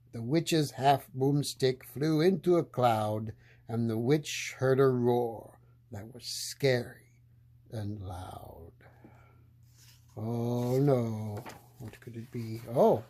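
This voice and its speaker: Slow, mellow picture book reader. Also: medium pitch. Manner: playful, laughs at the story. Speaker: storyteller. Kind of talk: picture book read-aloud.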